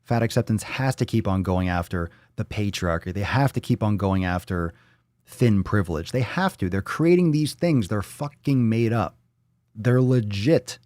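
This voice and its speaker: A man hosting a fitness live stream, talking bluntly and profanely in quick ranting bursts and reading viewer comments aloud. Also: fairly low pitch, mellow, dry recording, clean studio sound. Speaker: fitness livestream host. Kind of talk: casual live-stream talk.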